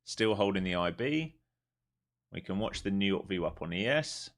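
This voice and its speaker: Low-voiced man calling live trades. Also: moderate pace. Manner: running commentary, swinging between mutters and excited bursts. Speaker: live-streaming day trader. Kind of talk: live trading commentary to viewers.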